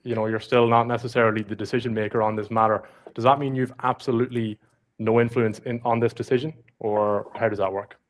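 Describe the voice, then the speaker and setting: A man speaks fast on a sales cold call. He is brisk, friendly and a little pushy. His voice sits in a middle range. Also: mid-range voice, level tone.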